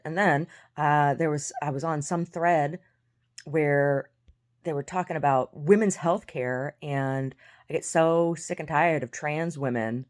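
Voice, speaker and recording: An American woman telling stories in a casual, blunt, sarcastic way, swearing, laughing often and restarting her words. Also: deep voice. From United States. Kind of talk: casual storytelling monologue.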